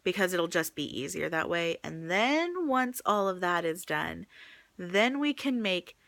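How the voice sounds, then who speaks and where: A woman's voice: fairly low pitch, sing-song, a little slow, creaky, fairly bright tone, no echo. A young woman vlogging to her phone camera in a casual, chatty way, full of likes and ums, a little teary. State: pregnant, teary.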